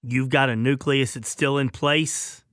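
Punchy, bright-voiced sports talk host. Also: male voice, mid-range voice, steady tone, unhurried, no echo, clean studio sound. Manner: emphatic, opinionated, trailing off at phrase ends.

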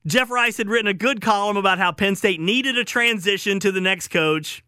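Southern male radio host, bright and slightly high, rambling and chuckling, dry studio sound. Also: normal speed, smooth, no echo. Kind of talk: call-in radio storytelling.

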